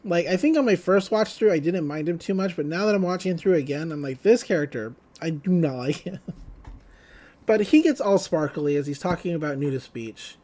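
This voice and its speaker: High-voiced man recapping an anime. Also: lively intonation, brisk, darkish tone. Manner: retells scenes, quoting characters in loose paraphrase. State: just woke up. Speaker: podcast co-host. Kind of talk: casual anime recap chat.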